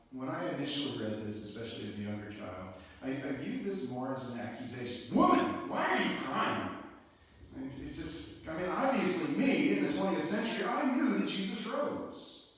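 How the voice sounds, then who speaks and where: A man preaching a sermon as pastor, telling the story in a conversational way with casual asides. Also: a little high. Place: church sanctuary. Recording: echoey church hall from far off.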